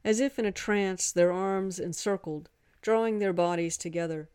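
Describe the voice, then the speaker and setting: A woman narrating a romance story in a measured, unhurried way. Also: medium pitch, darkish tone, smooth, dry recording. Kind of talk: scripted narration.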